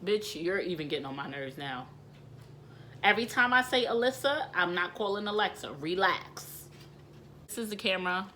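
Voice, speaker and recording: A young woman and mother talking to camera in a candid vlog, rambling and emotional, with hushed asides and loud outbursts. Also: lowish voice, lively intonation, normal speed, a little hiss or hum. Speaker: vlogger and mother.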